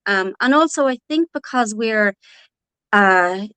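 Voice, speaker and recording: A woman's voice: medium pitch, expressive, slow pace, fairly bright tone, smooth, no echo. A woman from Donegal with an Irish accent, an author talking earnestly as an interview guest, with many fillers and restarts. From Ireland, Donegal. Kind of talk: casual interview talk.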